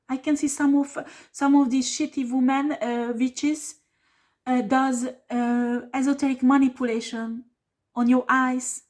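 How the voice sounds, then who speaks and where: Blunt, emphatic woman tarot reader. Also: high voice. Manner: blunt, emphatic, swears when upset. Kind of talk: tarot reading video.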